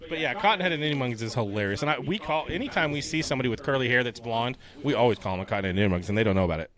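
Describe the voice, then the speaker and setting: A man in his thirties co-hosting a casual podcast, animated and chatty. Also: mid-range voice, rapid-fire, a crowd in the background. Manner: animated, quotes movie lines in silly voices. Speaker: podcast co-host.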